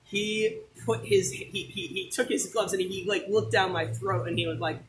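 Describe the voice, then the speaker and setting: A man's voice: high voice, normal speed, fairly bright tone, slight background noise, rough recording. A man in his twenties chatting casually at a theme park, enthusiastic and rambling. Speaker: guest, Disney fan. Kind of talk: casual chat.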